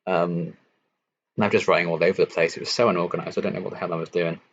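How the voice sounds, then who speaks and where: A young man from England hosting a casual late-night live-stream Q&A, answering chat in a relaxed, chatty way with lots of ums and likes. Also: deep voice, fast talker, slight background noise. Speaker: YouTube reaction channel host. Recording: slightly dull lo-fi stream audio.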